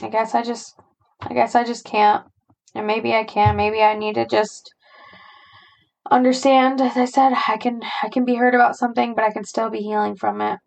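A young adult woman hosting a podcast, talking through her feelings in a halting, searching way, with frequent sighs and fillers. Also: on the high side, level tone, gravelly, rough recording. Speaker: podcast host. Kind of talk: personal reflective monologue.

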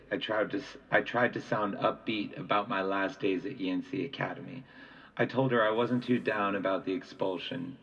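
Low-voiced man reading a novel. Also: slightly rough, distant mic, highs cut off. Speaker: audiobook reader. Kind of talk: first-person novel narration.

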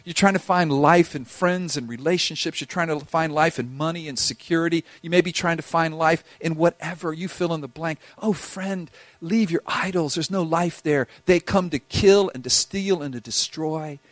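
High-voiced impassioned male preacher. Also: normal speed, few pauses, no room sound. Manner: impassioned, swings between loud urging and hushed intensity. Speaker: pastor. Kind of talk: sermon.

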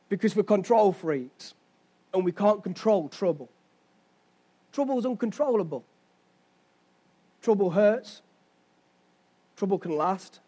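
A man's voice: sits high, mellow. A young man preaching a sermon as pastor, telling stories and asking his listeners rhetorical questions. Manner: conversational storytelling with rhetorical questions.

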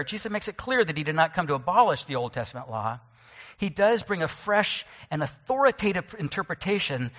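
Bright-voiced male pastor preaching. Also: on the high side, in a large hall, highs cut off. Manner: conversational preaching with self-deprecating asides. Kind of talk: sermon. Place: church sanctuary.

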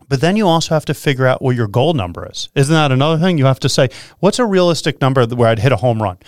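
Excitable male radio host. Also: mid-range voice, no echo, studio quality. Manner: energetic, animated, quick to laugh. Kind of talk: excited casual radio talk.

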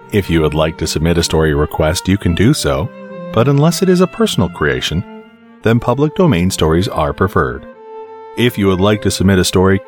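Male sleep-podcast host, low and steady, scripted bedtime narration over soft fiddle.

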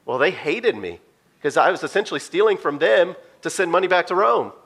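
A man's voice: on the high side, animated, fairly quick, a bit bright, husky, full character voice. A man voicing Matthew, a former tax collector who admits his past plainly. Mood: sheepish. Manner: plainly confessional.

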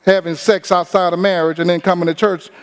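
A high-voiced man preaches with energy, slipping into the voices of the people he describes. His easygoing church talk rings through a long, echoing hall. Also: a little fast, clear, resonant tone. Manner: animated preaching with acted-out quotes. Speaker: pastor. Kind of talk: sermon.

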